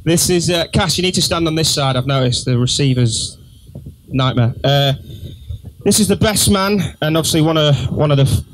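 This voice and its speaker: Man mc-ing a wedding, slightly high voice, cracking little jokes between intros. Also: brisk, a little hiss or hum, rough recording. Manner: chatty, joking asides. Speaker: wedding host introducing speakers. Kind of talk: announcing at a wedding reception. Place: wedding reception room.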